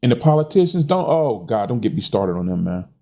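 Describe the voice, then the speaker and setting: A man's voice: mid-range voice, sing-song, a little fast, dark tone. A middle-aged American man in a casual monologue, frustrated and folksy, often stumbling over repeated words and tossing in "man". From United States. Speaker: host.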